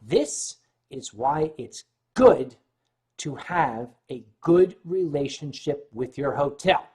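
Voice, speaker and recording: A man hosting a casual livestream, a bit tipsy, telling a long story with lively asides and frequent throat-clearing. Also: a little high, slow. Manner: animated storyteller who often clears his throat. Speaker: livestream host.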